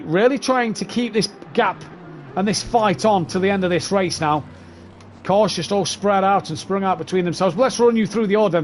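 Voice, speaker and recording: A man's voice: high-pitched, a little hiss or hum. A man commentating a sim race, chatty as he runs through positions and gaps.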